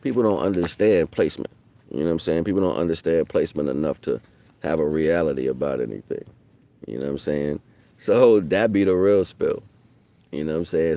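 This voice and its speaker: Brief: middle-aged man, low-pitched, streetwise, rambling spiritual talk. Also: no room sound. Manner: street slang, loose and profane, rises loud for quoted voices. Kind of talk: casual spoken monologue.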